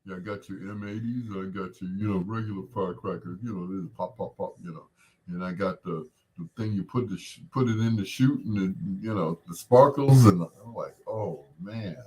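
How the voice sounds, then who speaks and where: A man around 60 hosting a casual chat, rambling in a relaxed way and greeting viewers by name. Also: sits low, fairly quick. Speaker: host.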